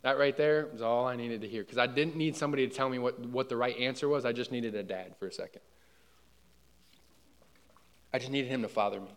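A young adult man preaching a sermon in a casual, conversational way, often checking that listeners follow and dropping quiet on personal asides. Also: mid-range voice, fast talker. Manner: conversational, asks the room for agreement.

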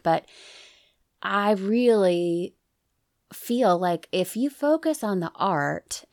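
A woman's voice: fairly low pitch, a little mellow, dry recording, clean studio sound. A woman who performs burlesque and music, a podcast guest speaking in an earnest, reflective way with many restarts. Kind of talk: casual interview chat.

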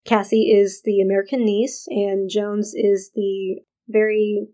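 Woman podcaster going over an episode plot, easygoing, uh's and um's, mid-pitch. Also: flat delivery, mellow, low-quality recording. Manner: deliberate plot recap with fillers. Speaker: podcast co-host recapping a TV episode. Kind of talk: casual chat.

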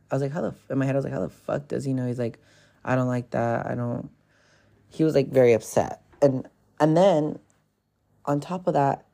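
Casual podcast host, man in his 20s, dark and husky-edged tone, rambling confessional storytelling with lots of "like" and "um". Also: mid-range voice. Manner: frank, profane, rambling with many fillers.

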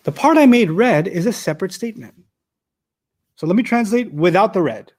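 A man with a fairly high voice teaches a roomful of students, talking conversationally and working through examples on a screen. His tone is animated, with quick asides to the audience. He sometimes steps away from the mic, so he drifts a little farther off. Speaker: Quran teacher. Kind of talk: classroom tafsir lecture.

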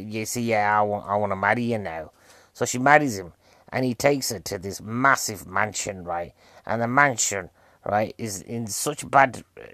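A man's voice: medium pitch, fairly bright tone, no echo. A man with a British accent chatting cheekily to the viewer as he reviews a film. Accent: British English. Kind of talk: casual film review monologue.

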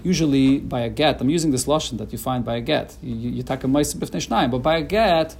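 A man's voice: medium pitch, fast, vocal fry, darkish tone, slight background noise. A man teaching a Talmud lesson in English mixed with Hebrew and Aramaic terms, explaining with frequent restarts. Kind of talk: Talmud lecture.

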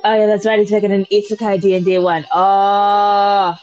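A woman, a mother, chatting casually with her son, blunt and quick to swear. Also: mid-range voice, level tone, darkish tone, lo-fi sound. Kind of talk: casual chat.

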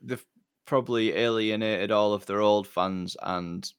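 A man's voice: lowish voice, steady tone, a little slow, smooth, no echo. A man co-hosting a podcast, chatting casually with hesitant, dry banter. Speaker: podcast co-host. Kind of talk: casual chat.

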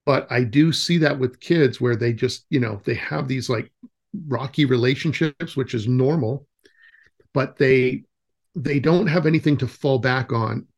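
A man's voice: mid-range voice, a little slow, muffled recording. A man in his forties, a nature camp director, telling stories as a guest in a casual interview, with lots of fillers and restarts. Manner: rambling storytelling with many fillers and restarts.

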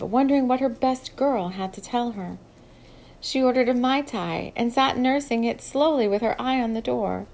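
Female audiobook narrator, mid-pitched, steady, measured read. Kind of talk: scripted narration.

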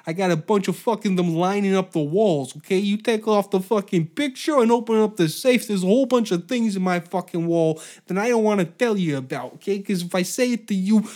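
A man's voice: high voice, a little mellow, voice pushed up. A man voicing a hotheaded Italian mafia man who swears constantly and badgers with rhetorical questions.

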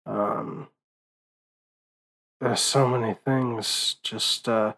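A man's voice: mid-range voice, steady tone, unhurried, fairly bright tone, rough recording. A young man rambling in a casual late-night monologue, worn out and swearing often, with many fillers and restarts. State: exhausted. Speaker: vlogger.

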